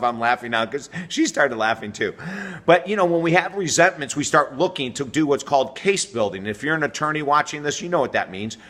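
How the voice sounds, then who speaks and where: Middle-aged male host, bright forceful voice, energetic coaching delivery straight to camera. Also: mid-range voice. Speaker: relationship coach and show host. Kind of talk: direct-to-camera advice video.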